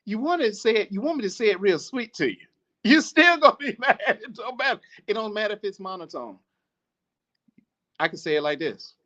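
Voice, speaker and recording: Podcast host, male: high voice that jumps all over, preachy and profane, dull lo-fi audio. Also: a little fast. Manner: animated, swearing, laughs often, preachy. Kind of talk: casual monologue.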